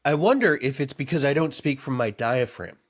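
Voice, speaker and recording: A man with a nasal, stuffed-up voice trades jokes on a podcast. His pitch sits in an ordinary middle range, and his delivery is loose and playful as he riffs on wordplay and bounces off his co-host. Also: expressive, fairly quick. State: stuffy nose. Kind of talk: casual comedy chat.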